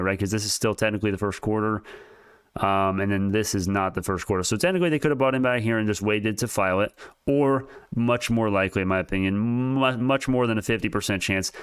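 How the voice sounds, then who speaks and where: Excitable male streamer, low smooth voice, rambling market chatter straight to chat, dry close mic. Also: no echo. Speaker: stock market livestream host. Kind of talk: casual live market commentary.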